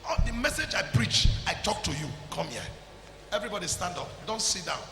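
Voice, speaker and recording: Male Nigerian pastor, very high, piercing voice, exhorting sermon, echoey church with music. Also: very animated, a little fast, creaky. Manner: exhorting, calls people forward, shouts at peaks.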